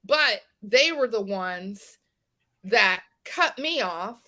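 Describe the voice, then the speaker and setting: A woman from West Virginia, a podcast guest, telling a personal story in an animated way. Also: medium pitch, very slow. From West Virginia, USA. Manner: animated storyteller, acts out quoted exchanges. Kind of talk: podcast conversation.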